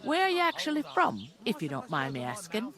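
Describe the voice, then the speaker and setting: An actress voicing a blunt, bossy village tavern keeper with a northern English accent and coarse rural dialect. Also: female voice, on the high side, huge pitch swings, brisk, fairly bright tone. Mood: gossipy. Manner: bossy, scolding. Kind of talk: video game voice acting.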